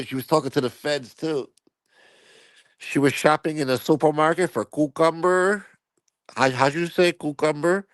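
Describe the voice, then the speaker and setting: A man's voice: mid-range voice, clean tone, no room sound. A man hosting a channel, telling stories in a laid-back, rambling, crude way. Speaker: channel host. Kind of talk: casual storytelling commentary.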